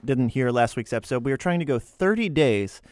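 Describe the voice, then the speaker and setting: A man co-hosting a casual radio show, asking curious, lively questions. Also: mid-range voice, a little fast, dry recording, studio quality, soft background music. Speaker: podcast co-host.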